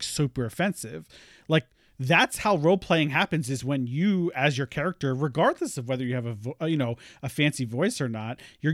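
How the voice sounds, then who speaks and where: A man's voice: on the high side, dry recording, clean studio sound. A man co-hosting a podcast, giving earnest advice in a casual way with many fillers. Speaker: podcast co-host.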